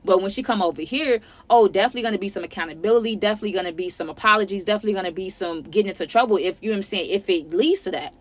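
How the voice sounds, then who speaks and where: A woman in her twenties telling a personal story to her viewers in a sassy, chatty, animated way. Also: medium pitch, rapid-fire, few pauses. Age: 20s. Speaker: storytime vlogger.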